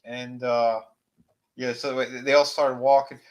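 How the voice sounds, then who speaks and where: A man chats through a horror film's plot with a co-host in a relaxed, rambling way. He slips into the characters' dialogue, his voice rising for the quoted lines, and he fills gaps with ums and you-knows. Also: medium pitch, measured pace. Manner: animated retelling, acts out character lines. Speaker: podcast co-host. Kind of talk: casual movie recap chat.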